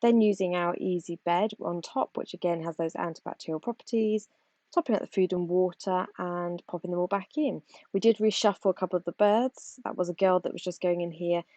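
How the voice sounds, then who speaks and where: British woman, lowish voice, casual rambling vlog, garden chores, phone mic, dry sound. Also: a little fast, dark tone, dry recording. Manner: rambling, chatty explaining while doing chores. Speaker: vlogger and backyard poultry keeper. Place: back garden outdoors. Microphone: phone held while working.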